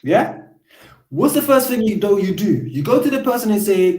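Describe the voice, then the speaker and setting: High-voiced man lecturing in an echoey room. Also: sing-song, normal speed, darkish tone. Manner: lecturing, acts out quoted exchanges. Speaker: host. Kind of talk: casual live chat. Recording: roomy echo.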